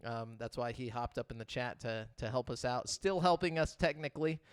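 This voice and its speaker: A young man co-hosting a podcast in a relaxed, joking way, with a smooth, clear voice. He laughs easily and stops to restart his sentences. His voice is close and dry, with no room sound. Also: medium pitch, a little fast, dry recording. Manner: joking, laughs often, many fillers and restarts. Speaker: podcast co-host. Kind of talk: casual podcast chat.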